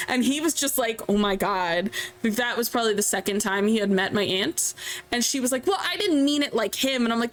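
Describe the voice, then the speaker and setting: A woman streamer chatting casually while playing a game, telling stories in an animated way. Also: high-pitched, normal speed, soft background music. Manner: chatty, animated storytelling with laughs. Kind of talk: casual chat while gaming.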